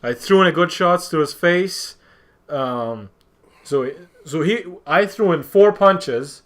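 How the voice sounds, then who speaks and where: A man talking as a podcast guest, telling a story casually, halting and restarting often, and acting out what others said. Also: fairly high pitch. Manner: halting, with many restarts and repeated words; animated, acts out what others said.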